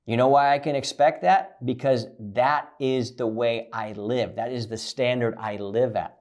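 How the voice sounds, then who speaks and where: A man giving a blunt, profane coaching monologue about relationships, swinging from loud emphasis to low, quiet lines. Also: fairly even intonation, measured pace, hardly any pauses.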